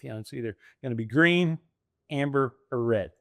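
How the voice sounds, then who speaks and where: Middle-aged American man, lively storyteller, laughs a lot, dry close recording. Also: medium pitch, normal speed, no room sound. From United States. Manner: animated storyteller acting out quoted voices, laughs often. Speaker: franchise owner guest. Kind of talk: casual storytelling interview.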